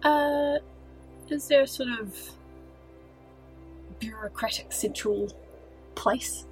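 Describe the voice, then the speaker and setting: A woman playing her character in a tabletop game, casual and quick to laugh. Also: fairly high pitch, faint music behind, low-quality recording. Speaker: player.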